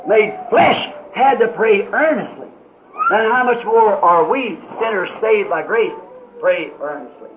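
A man preaching a sermon in an impassioned way, rising to shouts with dramatic pauses, on an old muffled tape. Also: high voice, animated, background noise.

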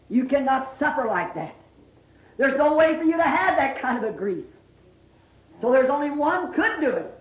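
A preacher giving an impassioned sermon, drawn-out and emphatic, bursting into shouts on key words. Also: high-pitched. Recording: dull, echoey old sermon recording.

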